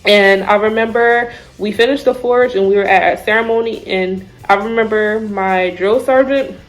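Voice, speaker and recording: A woman's voice: mid-range voice, normal speed, soft background music, poor audio. Woman telling a boot camp story. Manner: animated storyteller, shouts out drill calls; says "like" and "I remember" often. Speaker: Army basic training graduate. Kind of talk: casual storytelling vlog.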